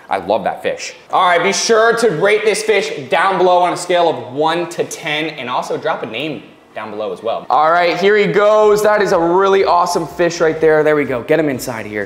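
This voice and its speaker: A man with a fairly high voice shows off fish in an enthusiastic, gushing vlog style, often repeating himself. His voice rings in a roomy, echoey space. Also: fairly bright tone. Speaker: fish channel host. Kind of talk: casual upbeat vlog chat.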